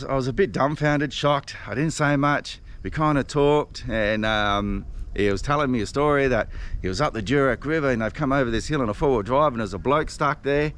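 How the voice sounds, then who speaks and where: A medium-pitched Australian man tells a rambling, self-deprecating story to camera from his fishing boat out on a river, breaking into frequent laughs. The recording has a little hiss or hum.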